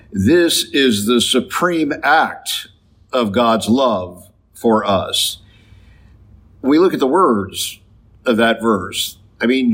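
A man, a priest, preaching a sermon slowly and emphatically, drawing out key phrases. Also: mid-range voice. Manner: slow, emphatic preaching with drawn-out stressed phrases.

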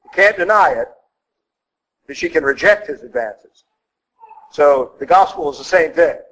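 A middle-aged male priest preaching a sermon in a blunt, folksy way, with sudden jumps up in pitch for emphasis. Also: lively intonation, unhurried, a bit bright, poor audio.

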